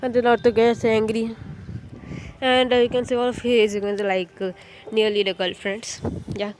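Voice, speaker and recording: A woman recapping a fan story in a casual, rambling way, full of fillers, restarts and pauses to recall names. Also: fairly high pitch, little pitch movement, a little mellow, a little hiss or hum. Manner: rambling, leans heavily on "you can say" and fillers; hesitant, restarts and searches for names.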